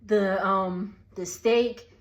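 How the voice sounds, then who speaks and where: A woman's voice: medium pitch, steady tone, extremely slow, low-quality recording. A woman, chatty and casual, recapping a film with many fillers and acted-out lines. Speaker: vlogger.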